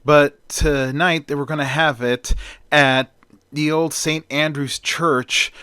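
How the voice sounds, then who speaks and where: A man's voice: on the high side, fairly even intonation, takes it slowly, clear, resonant tone, no room sound, clean studio sound. Man reading a sleepy young girlfriend. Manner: drowsy, soft.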